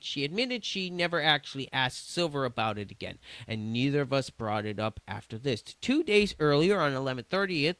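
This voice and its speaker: A man's voice: mid-range voice, fairly bright tone, smooth, dry recording. A man streaming, reading chat messages aloud in a casual, stumbling way with restarts and swearing.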